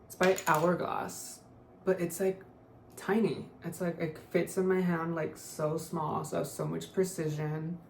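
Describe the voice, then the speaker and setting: A woman's voice: fairly low pitch, level tone, measured pace, creaky, a little mellow. Young woman beauty vlogger, casual filler-heavy chat, roomy sound with faint hiss. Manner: chatty, constant "like" fillers, offhand. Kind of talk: casual makeup tutorial chat. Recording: echoey room, faint noise.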